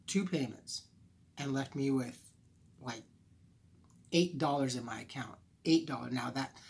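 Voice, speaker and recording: A man recording a storytime vlog on his phone camera. He tells the story with animation, acting out his own exasperated lines as he goes. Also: fairly high pitch. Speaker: vlogger.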